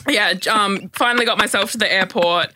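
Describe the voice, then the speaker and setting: A young adult woman telling a story on a podcast, animated and laughing often, acting out the people she quotes. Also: medium pitch, a little fast, no echo. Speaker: guest storyteller.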